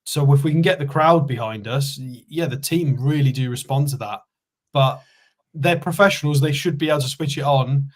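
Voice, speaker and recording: A man's voice: mid-range voice, moderate pace. A man co-hosts a casual football podcast, talking in an easygoing, hedging way. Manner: easygoing, hedging, self-deprecating. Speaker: podcast co-host. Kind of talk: casual fan podcast chat.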